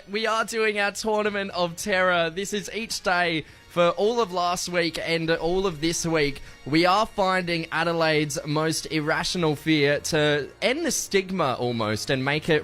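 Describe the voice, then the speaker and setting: Hoarse radio co-host. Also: male voice, high voice, unhurried, few pauses, bright, forceful tone, faint music behind. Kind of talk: casual radio banter.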